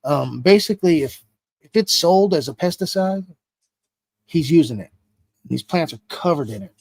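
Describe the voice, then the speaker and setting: A man's voice: on the high side, normal speed, vocal fry, slightly rough, no room sound. A man being interviewed, telling a story casually with heavy swearing. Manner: profane, animated retelling with heavy swearing. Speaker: interview guest.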